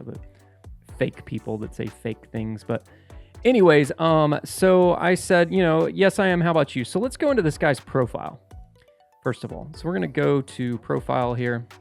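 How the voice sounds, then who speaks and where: A man's voice: medium pitch, vocal fry. A man walking through a screen-share tutorial in a casual, rambling way, full of fillers and restarts. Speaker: real estate investor and channel host.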